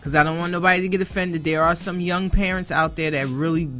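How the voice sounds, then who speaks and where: A woman's voice: fairly low pitch, steady tone, fast talker, fairly bright tone, soft background music. A woman in a casual roundtable discussion, rambling and correcting herself as she tells stories. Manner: rambling, self-correcting storyteller.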